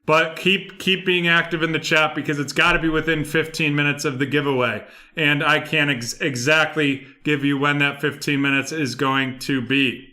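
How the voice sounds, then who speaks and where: A man's voice: a little high, steady tone, moderate pace, few pauses, pushed and bright. A young man hosting a live card break stream, rattling off card names and the buyers they go to.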